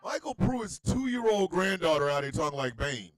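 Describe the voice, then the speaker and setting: A man hosting a comedy talk radio show, ranting in an animated, incredulous, shouting way. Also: fairly high pitch, moderate pace, slight background noise.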